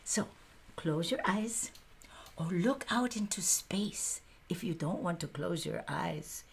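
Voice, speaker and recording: A woman storyteller playing a plainspoken Chinese American pioneer woman with a Chinese accent, breathy and quick to laugh, chatting straight to her audience. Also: mid-range voice, heavily acted. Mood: gentle. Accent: Chinese-accented English. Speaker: storyteller in character. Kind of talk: first-person historical character monologue.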